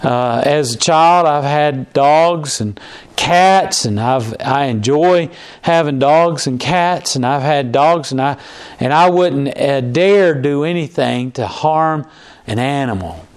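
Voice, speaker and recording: Man preaching in a chatty, halting way. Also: fairly high pitch, clear, resonant tone. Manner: conversational, repeats and restarts words, acts out quoted lines. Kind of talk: sermon.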